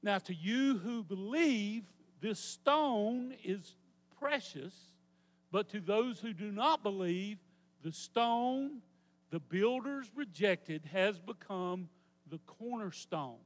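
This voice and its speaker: High-voiced pastor preaching in a hall. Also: male voice, lively intonation, takes it slowly. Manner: teaching, asks congregation to repeat words. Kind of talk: sermon. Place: church sanctuary.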